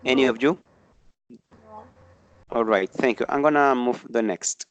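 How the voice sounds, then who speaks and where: A man's voice: medium pitch, measured pace. A man teaching an online English grammar class, explaining patiently and often checking in with tag questions.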